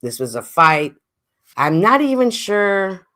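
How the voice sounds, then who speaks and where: A woman hosting a casual livestream, reading chat comments aloud, a little stuffy, with a lively way of talking that swings from loud exclaims to murmurs. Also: mid-range voice, slow. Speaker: livestream host.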